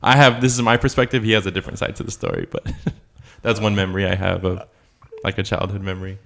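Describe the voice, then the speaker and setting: Low-voiced man telling a rambling story. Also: quick pace, creaky, fairly bright tone. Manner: rambling storytelling with frequent laughter and filler words. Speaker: podcast co-host. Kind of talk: casual chat.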